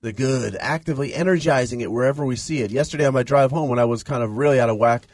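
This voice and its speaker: A man's voice: mid-range voice, fast talker, darkish tone, no echo. A man with a mid-range voice co-hosts a spiritual radio show. He muses thoughtfully and chimes in with frequent agreement. The sound is close and dry, with no room at all. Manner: reflective, affirming, frequent agreement. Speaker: radio co-host. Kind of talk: casual spiritual radio chat. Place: radio studio.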